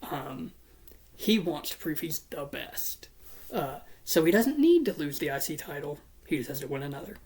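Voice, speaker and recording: A casual voice walks through imagined wrestling matches blow by blow, in a middle pitch. The talk is blunt and swears freely, with a playful edge. It is an informal solo commentary. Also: very animated, moderate pace, darkish tone. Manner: storytelling narration of imagined matches.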